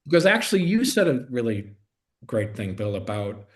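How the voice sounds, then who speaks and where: A man's voice: mid-range voice, very animated, normal speed. A middle-aged actor chatting as a guest on a video call, talking in restarts and self-interruptions and growing more enthusiastic as he goes. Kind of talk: casual interview chat.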